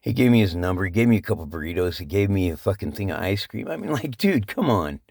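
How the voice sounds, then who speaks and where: Tearful male vlogger, low gravelly voice that cracks, rambling and cursing. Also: very animated, fast talker, darkish tone, dry recording, clean studio sound. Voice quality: voice cracking, breaking into high pitch. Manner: swearing, rambling, heartfelt. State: crying. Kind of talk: emotional casual vlog talk.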